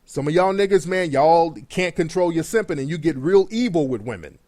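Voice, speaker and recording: A man's voice: on the high side, animated, fairly quick, darkish tone, no room sound, studio quality. A man hosting a radio show, giving blunt, profane advice in a conversational monologue.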